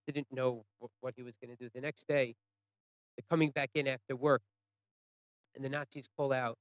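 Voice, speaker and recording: Halting man telling a story, dry. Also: mid-range voice, level tone, no echo. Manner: halting, repeats words, restarts often; voice swings from hushed to loud for quoted cries. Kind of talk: storytelling talk to an audience.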